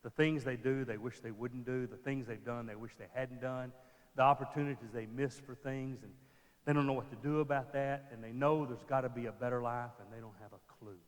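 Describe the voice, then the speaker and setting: A man preaching a sermon in a church, acting out scenes and dropping to a hush for emphasis. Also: mid-range voice, fairly even intonation, a little fast. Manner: acts out scenes, drops to a hushed voice for emphasis. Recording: long church reverb.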